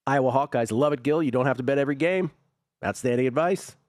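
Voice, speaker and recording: A man hosting a sports radio talk show, reading listener messages aloud and adding quick remarks. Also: mid-range voice, a little mellow, no echo, studio quality. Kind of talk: casual talk show banter.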